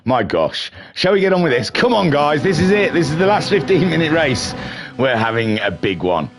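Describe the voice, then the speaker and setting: This middle-aged host runs a racing league stream, giving casual live commentary in a chatty, self-mocking and slightly flustered way. His voice is fairly high and very animated, and he keeps a moderate pace.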